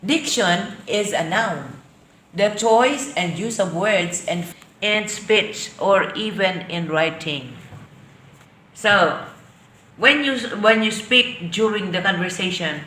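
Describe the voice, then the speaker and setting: A woman with a Filipino accent teaching an online English class, defining terms slowly and then explaining them. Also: mid-range voice, lively intonation, fairly bright tone, reverberant. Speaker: lecturer.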